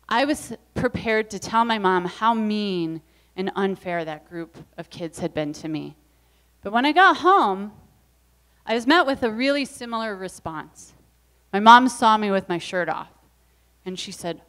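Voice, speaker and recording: A woman's voice: medium pitch, clean tone. A woman speaker at an evening event, telling a personal story in an earnest, reflective way. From US Midwest. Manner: earnest, reflective, acts out quoted voices.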